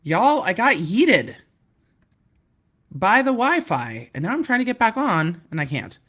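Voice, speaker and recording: A woman with a medium-pitched, fairly bright voice talks at a measured pace but with great animation. She's a legal commentator on a casual hotel-room livestream, chatty and laughing as she makes fun of her own mishaps.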